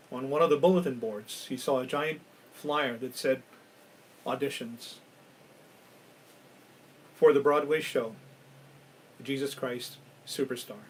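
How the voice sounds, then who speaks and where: A male storyteller from Hawaii hosts a live ghost-story session in a mid-pitched voice. He tells his tales with drama and slips into a near-whisper at the tense moments. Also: rough recording. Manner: dramatic, dropping to a hush at key moments. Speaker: storyteller and host.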